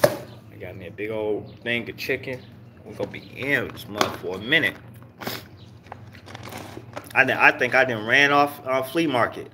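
A man's voice: medium pitch, normal speed, pauses often, background noise. A man hosting a casual livestream, chatting loosely with viewers, teasing and cursing freely. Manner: loose, profane, teasing banter with chat. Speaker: livestream host.

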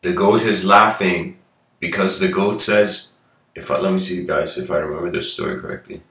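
A man's voice: low voice, moderate pace, bright, forceful tone. A man giving a casual spiritual lecture, telling stories in a loose, conversational way with asides to his listeners. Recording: roomy echo.

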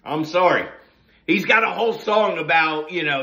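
A man's voice: a little high, moderate pace, pushed and bright. A middle-aged man from New Jersey, hosting a casual morning monologue full of profane, sarcastic rants. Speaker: host of a morning talk session.

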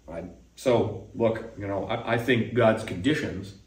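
A man's voice: lowish voice, measured pace. A man preaching a casual sermon as pastor, talking conversationally and acting out the voices he quotes. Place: church sanctuary. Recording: echoey room, mic at a distance.

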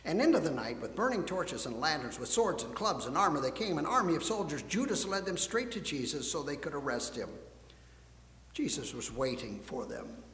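A male pastor reads scripture as a story and then preaches, with a high, expressive voice. He drops to a hush and builds to emphasis, and the sanctuary answers with a long, roomy echo. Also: normal speed, a little hiss or hum. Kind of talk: storybook reading and sermon. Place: church sanctuary. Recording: echoey church hall.

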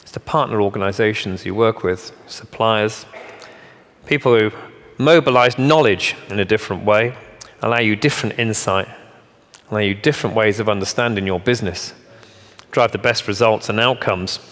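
On stage in a large conference hall, a keynote speaker delivers a punchy, emphatic motivational speech full of joking asides and rhetorical questions. His voice is on the low side and fairly bright, at normal speed, with long hall reverb.

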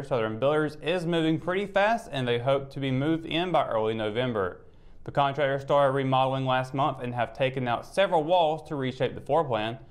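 A male news anchor at a middle pitch reads local stories in a steady, measured way. The delivery stays even and matter-of-fact from one item to the next. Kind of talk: reading news.

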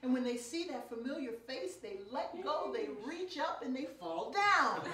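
A woman preacher giving a storytelling lecture, animated and playful with her audience. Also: high voice, a little slow. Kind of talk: sermon-style storytelling lecture. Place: lecture room. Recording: echoey room, picked up from a distance.

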